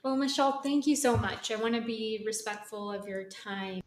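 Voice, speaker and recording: A woman's voice: a little high, normal speed, reverberant, far from the mic, slight background noise. A woman podcast host interviewing a guest in casual chat, emphatic and appreciative, with some repeated starts.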